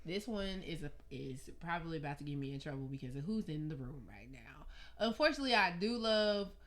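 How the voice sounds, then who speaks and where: A woman co-hosting a podcast in casual chat, animated and laughing as she tells stories. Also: low-pitched, a little fast. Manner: animated storyteller, laughs often, drawls words out. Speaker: podcast co-host.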